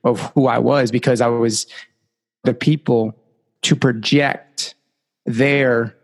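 A man's voice: medium pitch, steady tone, slow pace, big-room sound. A young adult man, a podcast guest, telling a personal life story earnestly and often saying "like" and "you know".

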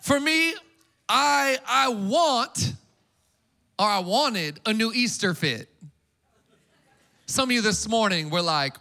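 A man preaching an Easter sermon to a congregation, energetic and casual, with call-and-response. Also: sits high, slow pace, long pauses. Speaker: pastor.

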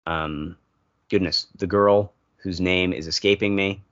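Podcast co-host, male, mid pitch, rambling wry delivery, dull lo-fi recording. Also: steady tone, a little slow, a bit bright, clear, resonant tone. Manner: rambling, filler-heavy, wry. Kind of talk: casual chat.

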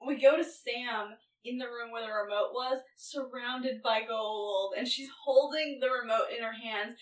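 A woman's voice: a little high, steady tone, a little slow, fairly bright tone. A woman co-hosting a casual chat, recapping an episode in a chatty way with fillers. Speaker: podcast co-host. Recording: roomy, from a distance.

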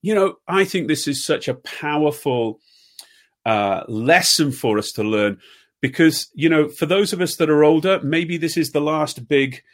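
A man in his fifties preaching a sermon, earnest, asking repeated questions and dropping to soft tones at times. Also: a little high, a little slow. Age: 50s. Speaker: pastor.

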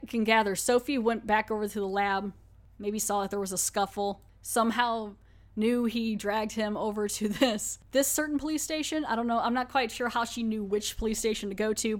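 Chatty woman podcast host recapping. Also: mid-range voice. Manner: rambling, chatty, laughs often. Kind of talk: casual episode recap.

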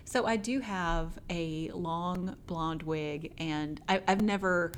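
A woman's voice: on the low side, slow pace, a little hiss or hum. A woman co-hosting a casual podcast chat, talking in a rambling way with lots of asides. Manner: chatty, rambling with fillers and asides. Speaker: podcast co-host.

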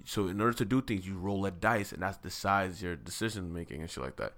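A man's voice: low-pitched, quick pace, a bit bright. A man co-hosting a casual anime talk, telling the story with lots of slang and swearing. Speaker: podcast co-host.

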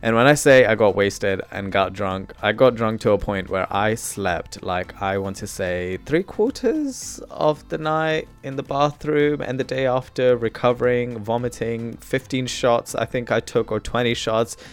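A man hosting his podcast, chatty and animated, swinging from loud bursts to quiet asides. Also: medium pitch, measured pace, few pauses, clear, resonant tone, faint music behind. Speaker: podcast host. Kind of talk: solo podcast intro.

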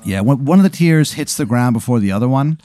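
Comedy podcast guy spinning a goofy story, swears a lot, pitch jumps all over, dry mic. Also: animated, warm tone, dry recording. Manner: rambling, profane, halting restarts. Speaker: podcast host.

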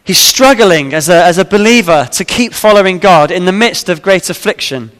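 A man's voice: high-pitched, lively intonation, normal speed, a bit bright, in a large hall. A man preaching a sermon, reading scripture aloud and then explaining it with frequent fillers and restarts. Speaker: pastor.

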